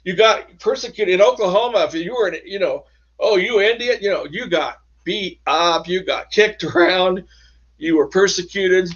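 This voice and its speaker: Man, author, interview guest, halting, restarts, fairly high voice, muffled lo-fi sound. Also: fairly bright tone. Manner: halting, with many restarts and trailing phrases. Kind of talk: casual interview storytelling. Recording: dull lo-fi sound.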